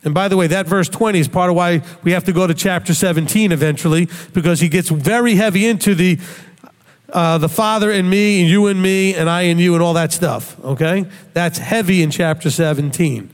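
A man's voice: sits high, brisk, big-room sound. A man giving a Bible study talk in a conversational teaching manner, tossing in rhetorical questions.

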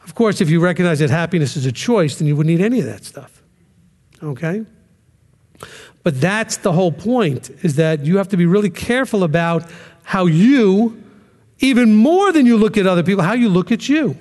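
A man's voice: high-pitched, expressive, normal speed, darkish tone, long reverb tail. A man teaching a ministry class in a conversational sermon style, often checking in with "okay?" and acting out quoted voices.

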